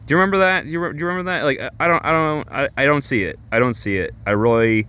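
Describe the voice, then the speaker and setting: A man streamer telling a rambling comic story, halting and full of fillers and restarts. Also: mid-range voice, bright, forceful tone, clear, resonant tone. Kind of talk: rambling comedic monologue.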